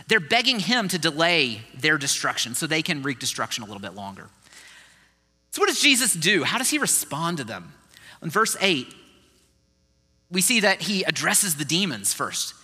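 A man preaching a sermon as a pastor, in a conversational, animated way. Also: fairly high pitch, husky, in a large hall.

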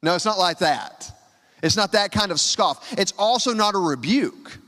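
Man preaching, slightly high voice, dynamic, hushed to loud, long church hall reverb. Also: lively intonation, normal speed. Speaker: pastor. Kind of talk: sermon.

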